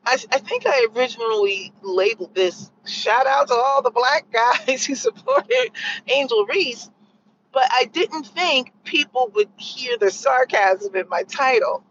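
Woman vlogger, mid-pitch, sarcastic and rambling, muffled lo-fi phone audio with faint road noise. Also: lively intonation, measured pace, a bit bright. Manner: sarcastic, rambling, lots of fillers. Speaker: vlogger sharing opinions. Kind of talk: casual opinion monologue.

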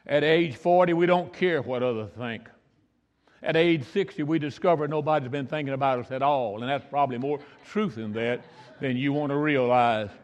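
A man's voice: high voice, a bit bright, muffled recording. A male Pentecostal pastor preaching a folksy, story-filled sermon, often repeating himself for emphasis. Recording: echoey church hall.

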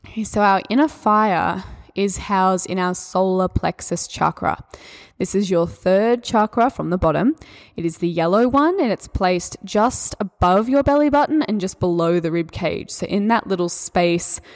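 An Australian woman hosting a solo mindset podcast, talking in a gentle, encouraging, spiritual way. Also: fairly low pitch. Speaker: podcast host and mindset coach.

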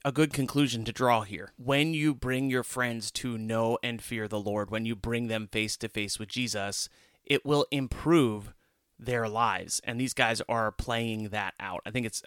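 An earnest man co-hosting a casual Bible discussion, his voice bright and pressing. He sits close to the mic in a dead, dry space and grows animated as he retells the story. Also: mid-range voice, no room sound. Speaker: podcast co-host.

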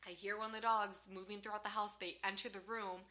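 Female podcast co-host, lively storyteller, bright tone, cusses freely. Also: medium pitch, fast. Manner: animated, swears freely, laughs often. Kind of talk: casual storytelling chat.

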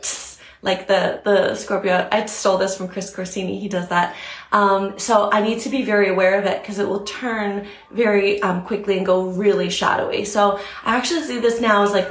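A woman's voice: medium pitch, a bit bright, roomy sound. A young woman coaching on a live stream, talking earnestly and reflectively with many fillers. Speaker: spiritual coach. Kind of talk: instagram live talk.

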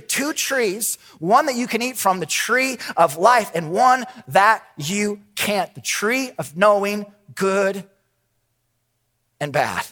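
A middle-aged man preaching a sermon as pastor, animated, dropping to a hush and then rising to near shouts for emphasis. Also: high-pitched, a little slow. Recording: long reverb of a large hall.

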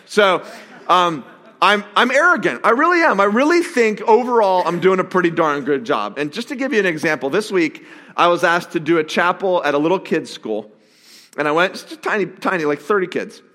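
A man preaches with a high, bright voice that leaps up and down as he talks. He is candid and self-mocking, and his words carry the long reverb of a large hall. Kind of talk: sermon.

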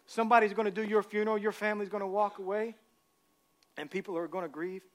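A man preaching a sermon as pastor, telling humorous stories and rising to shouted emphasis. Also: high voice, fairly even intonation, fast.

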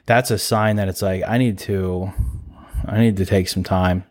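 A man's voice: low-pitched, fairly even intonation, normal speed, a little mellow. A man co-hosting a casual conversation about faith, talking in an easygoing, rambling way and laughing often. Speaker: podcast co-host.

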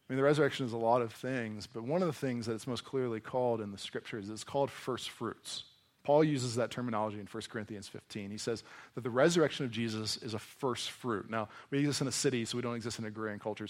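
A man preaching a sermon to a congregation in a conversational, animated way, often acting out voices as he reads and explains scripture. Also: lowish voice. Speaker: pastor. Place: church hall before a congregation.

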